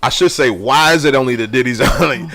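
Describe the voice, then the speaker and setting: A man co-hosting a podcast in casual banter, animated and profane, laughing often as he tells a story. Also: mid-range voice, a little fast. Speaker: podcast co-host.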